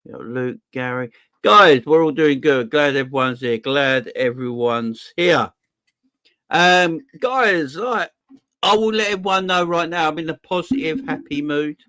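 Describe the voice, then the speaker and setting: A man's voice: fairly high pitch, lively intonation, a little slow, no room sound, clean studio sound. Upbeat man hosting a live chat. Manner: upbeat, shouting out viewers by name. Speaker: host of a football fan livestream. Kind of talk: casual live-stream chat.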